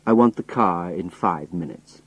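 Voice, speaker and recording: A man gives voice to a menacing old villain who never raises his voice. The tone is low and husky, the pace slow and deliberate, recorded dry and close. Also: no room sound, dull audio. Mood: cold, calm. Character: menacing old male villain, calm and cold.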